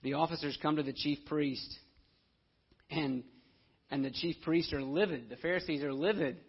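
Husky-voiced man preaching a sermon. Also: fairly high pitch, moderate pace, pauses often. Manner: conversational preaching, acting out quoted voices. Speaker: pastor. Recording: dull lo-fi audio.

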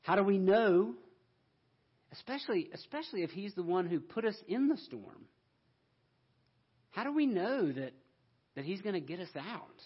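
A man's voice: high-pitched, big pitch swings, moderate pace, long pauses, slightly rough, highs cut off. A man preaching a sermon in an earnest way, pushing up into emphatic questions.

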